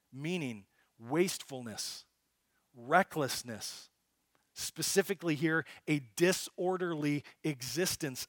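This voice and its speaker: A man preaching a sermon, moving between loud, emphatic repetition and quiet, slow teaching. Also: fairly high pitch, dry recording, clean studio sound. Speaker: pastor.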